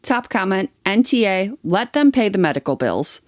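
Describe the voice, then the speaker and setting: A young adult woman co-hosts a podcast, reading online posts aloud in an easy, mid-pitched voice. Between stories she chats with blunt, swearing opinions. The sound is close and dry, with no room around it. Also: big pitch swings, normal speed, no room sound. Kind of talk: reading aloud and casual chat.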